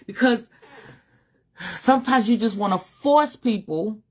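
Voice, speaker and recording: A woman's voice: on the high side, measured pace. A middle-aged woman giving a candid, emotional live-stream monologue as a spiritual advisor, swearing casually.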